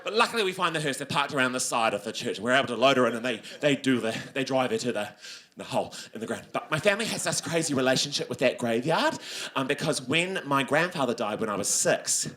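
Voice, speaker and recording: A young New Zealand man telling a stand-up story on stage, acting out voices and swinging from high squeals to low grumbles. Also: animated, fast talker, bright, forceful tone. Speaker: stand-up comedian. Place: comedy venue with laughing audience.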